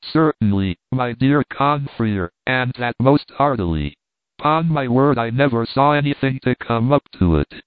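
A man's voice: mid-range voice, lively intonation, a little slow, dry recording, natural voice. A man voicing a cheerful, teasing French reporter, heard over a tinny, dry, phone-like recording. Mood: jovial.

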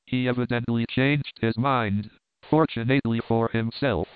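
A curt investigator speaks in short, urgent bursts, as a man reads his lines. The voice is smooth and clear at a middle pitch. The recording is dry and tinny, like a phone line. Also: fairly even intonation, moderate pace, no echo, lightly acted. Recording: dry, tinny narrow-band audio.

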